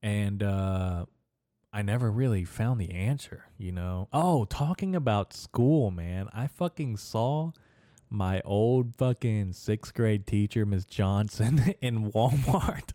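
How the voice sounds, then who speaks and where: A man's voice: on the low side, slow pace, warm tone, dry recording, studio quality. A young man hosting his own podcast, rambling crudely and profanely through a casual solo monologue and laughing at his own jokes. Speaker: podcast host.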